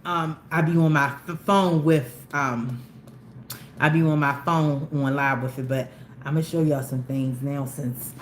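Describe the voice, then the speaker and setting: A woman's voice: deep voice, fairly even intonation, unhurried. Chatty woman telling a story. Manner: chatty, rambling, with many restarts. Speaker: YouTube live host. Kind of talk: casual storytelling to viewers. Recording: roomy with faint background noise.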